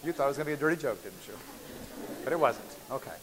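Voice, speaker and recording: Rapid-fire and expressive, a medium-pitched man lectures on biochemistry to university students in a playful, chatty manner, checking in with them often. The hissy recording from the large lecture hall carries a long reverb.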